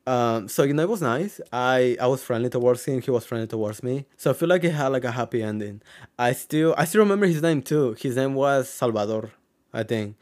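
Young man from Mexico, mid-pitched, casual vlogger, rambling and filler-heavy, swears freely. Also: animated, brisk, a little mellow. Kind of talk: casual storytelling to camera.

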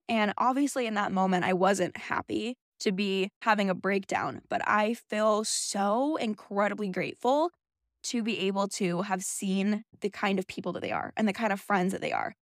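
A woman's voice: mid-range voice, dry recording. Candid young woman in a dry closet. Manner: candid and emotional, quick asides. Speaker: podcast host. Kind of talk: personal storytelling podcast. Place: small clothes closet.

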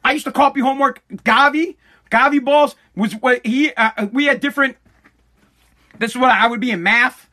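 Man, middle-aged, unusually high voice, profane, animated, self-interrupting. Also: moderate pace. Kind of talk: casual profane storytelling rant.

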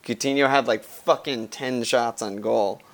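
A man's voice: mid-range voice, a little slow. An American man chatting on a podcast, loose and profane, acting out what others said. His voice sits in the middle range. He talks like he's among friends. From United States. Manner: profane, animated storytelling with quoted asides. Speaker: podcast co-host. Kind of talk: casual chat.

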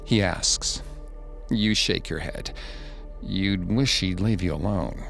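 A man narrating a second-person horror story in a slow, hushed way. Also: deep voice, vocal fry, faint music behind.

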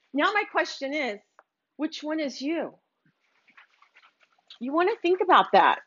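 A woman's voice: high voice, fairly bright tone, slight background noise. A woman hosting a podcast, giving an earnest motivational monologue and speaking straight to her listeners. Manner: earnest, exhorting, direct address to listeners. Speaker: podcast host. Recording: dull lo-fi recording.

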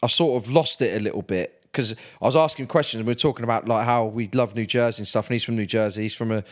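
A man's voice: medium pitch, fast. A man co-hosting a podcast over a remote line, chatting casually and rambling through anecdotes. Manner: chatty, rambling anecdotes with playful accent impressions. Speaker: podcast co-host. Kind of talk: casual chat.

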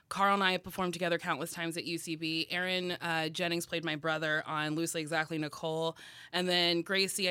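Bright lively woman in her 30s, comedian chatting, dry close mic, laughs a lot. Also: lowish voice, smooth, no room sound. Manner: animated storyteller, laughs often, swears. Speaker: comedian and actress guest. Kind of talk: casual interview chat.

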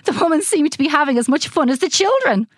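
A woman reading a children's storybook aloud in an expressive, animated way. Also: high-pitched, quick pace, no echo, studio quality.

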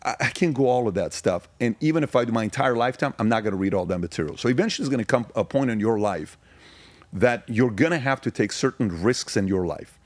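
A man's voice: mid-range voice, lively intonation. A man from Iran in his forties, a podcast guest telling personal stories in an emphatic, repetitive way. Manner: emphatic, fast-talking, repeats points for emphasis. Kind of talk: personal storytelling in conversation.

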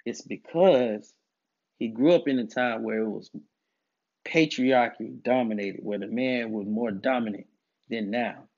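A man's voice: mid-range voice, measured pace, a little mellow. A man delivering a monologue about masculinity, emphatic and preachy, often repeating his points. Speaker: commentator on masculinity. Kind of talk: direct-to-camera monologue. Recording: dull lo-fi audio.

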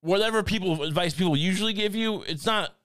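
A man's voice: sits high, fast, fairly bright tone, clear, resonant tone. A man co-hosting a comedy podcast, rambling and stammering through jokes and laughing at his own bits. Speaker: podcast co-host. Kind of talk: casual comedic chat.

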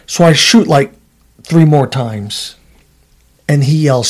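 A middle-aged man, a former trooper, telling stories in a casual chat, animated and swearing, acting out what people said. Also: mid-range voice, a little slow, pauses often, husky. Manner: animated storyteller, swears, acts out quotes.

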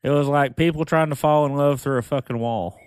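A man's voice: on the high side, brisk, darkish tone, smooth, no room sound. A man guesting on a podcast, chatting casually in a blunt way with heavy cursing. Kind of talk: casual chat.

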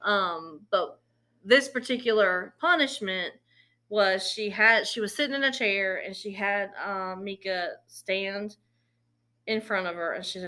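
Bright-voiced woman telling a story. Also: medium pitch. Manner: chatty, retells events with quoted dialogue. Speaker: podcast host. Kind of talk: casual true-crime storytelling.

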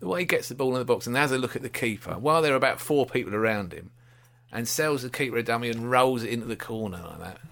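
A man's voice: mid-range voice, fast talker, gravelly, few pauses, a bit bright. A man co-hosting a casual football fan chat, giving blunt, opinionated match analysis with wry humour. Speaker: football fan podcast co-host.

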